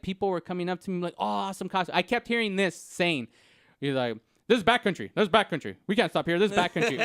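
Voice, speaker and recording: A man co-hosting a podcast in casual chat, telling stories in an excitable, rambling way. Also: a little high, clear, resonant tone, dry recording, clean studio sound. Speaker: podcast co-host.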